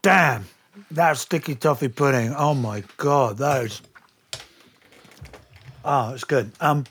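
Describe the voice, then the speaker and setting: A middle-aged Englishman with an English accent, chatting as an actor guest in an interview and telling lively, anecdotal stories with the odd curse. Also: mid-range voice, slow, a little hiss or hum. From England. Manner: lively anecdotal storyteller, occasionally swears. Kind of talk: casual interview chat.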